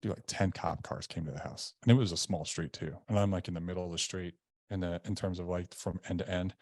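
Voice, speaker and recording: A man's voice: low voice, steady tone, fast, a little mellow, no room sound. A man, a podcast guest, earnestly recounting a personal story in candid conversational detail. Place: indoor room.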